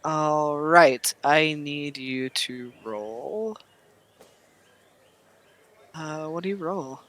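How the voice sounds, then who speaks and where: A man narrating a tabletop game as game master, casual and halting with many fillers. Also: on the high side, fairly bright tone.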